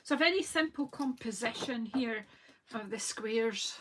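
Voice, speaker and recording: A woman's voice: a little high, a little slow, a bit bright, a little hiss or hum. A woman from Scotland, a craft demonstrator, chatting casually and thinking aloud as she works through a live crafting session.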